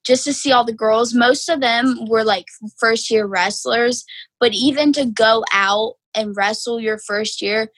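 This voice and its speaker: Teen girl, husky highish voice, chatty, lots of likes, dry sound. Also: measured pace, a bit bright, no echo. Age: teens. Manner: easygoing, lots of "like" fillers. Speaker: guest, high school wrestler. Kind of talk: casual interview answers.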